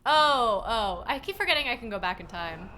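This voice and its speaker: A woman's voice: a little high, expressive, moderate pace, pushed and bright, slight background noise. A young woman giving playful let's-play commentary on a game and chatting to a viewer. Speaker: gaming streamer.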